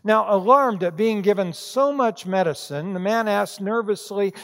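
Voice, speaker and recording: A man's voice: high voice, normal speed. A man preaching a sermon, reading scripture and then telling a joke and talking to his congregation. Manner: storytelling, joking with the congregation. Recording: reverberant hall sound.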